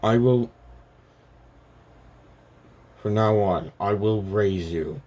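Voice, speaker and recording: A man putting on the voice of a stern, gruff warrior god who talks like a commanding father. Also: lowish voice, extremely slow, a little mellow.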